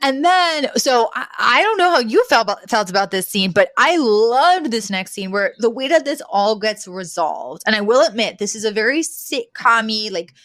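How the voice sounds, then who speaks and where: A woman co-hosting a podcast, recapping a sitcom episode in a casual chat and acting out the characters' lines with lively retelling. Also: a little high, normal speed, hardly any pauses, no room sound. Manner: animated retelling, acts out quoted lines. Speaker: podcast co-host.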